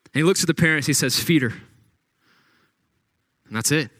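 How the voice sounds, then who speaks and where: A man delivers a sermon with a fairly high voice. He reads scripture and then retells it dramatically, acting out what the people said. The sound is dry and close, with no room echo. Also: rapid-fire, fairly bright tone. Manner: dramatic retelling with acted-out quotes. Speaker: pastor.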